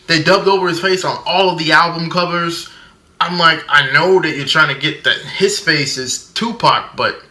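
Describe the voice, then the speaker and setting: A man's voice: on the high side, bright, forceful tone, reverberant. A man doing a comedic movie review rant, sarcastic, mimicking people and shrieking a running punchline.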